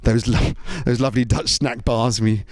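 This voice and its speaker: In clean studio audio with no room sound, a British-accented man speaks at medium pitch and a moderate pace. He's a comedian and MC from Britain doing a lively stand-up bit full of jokes, slipping into little character voices.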